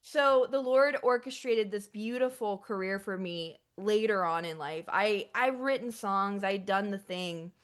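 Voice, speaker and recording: A woman's voice: unhurried, few pauses, clear, resonant tone. A young woman talking as a guest musician in a casual interview, chatty and full of filler words, emotional and effusive. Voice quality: chatty, lots of filler likes. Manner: effusive and emotional, pitch jumps up when excited.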